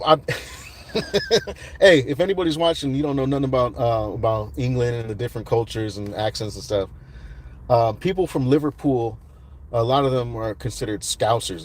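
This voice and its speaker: A man hosting a casual livestream outdoors at night, rambling with many fillers and greeting viewers by name. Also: mid-range voice. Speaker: livestream host.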